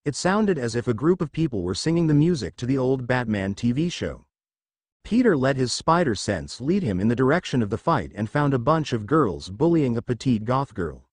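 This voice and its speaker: Man narrating a lively story. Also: medium pitch, normal speed, no echo. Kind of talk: reading fan fiction aloud.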